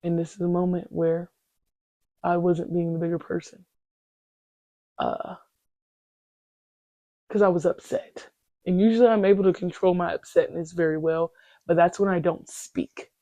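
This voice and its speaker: A woman's voice: lowish voice, a little slow, pauses often, no echo. A woman in her twenties hosting a podcast, telling a story in a casual, slangy, profane way as she vents. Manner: animated, profane, slangy venting. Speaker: podcast host.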